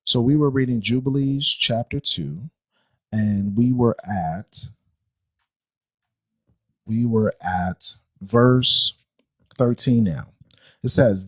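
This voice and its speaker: A man teaching a Bible study class. He reads scripture slowly and deliberately, repeats phrases and checks that listeners are following. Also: medium pitch, fairly bright tone, no echo, low-quality recording.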